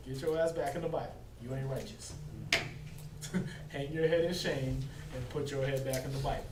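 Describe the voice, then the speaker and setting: A man's voice: mid-range voice, steady tone, normal speed. A man teaching a casual Bible class, joking and laughing between points. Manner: joking, laughing often, preachy asides. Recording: roomy distant recording with noise.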